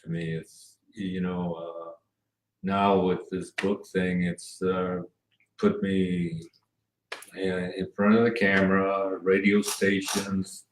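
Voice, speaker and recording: Male guest, former cameraman, low and hesitant, echoey room with faint noise. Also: little pitch movement. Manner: soft-spoken, hesitant, many pauses and fillers. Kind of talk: casual interview chat. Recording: echoey room, a bit far from the mic, faint background noise.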